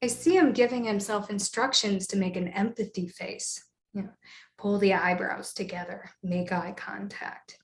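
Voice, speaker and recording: A woman performs a solo theatre monologue, her mid-pitched voice wry and self-doubting. A roomy echo hangs around her. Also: gravelly.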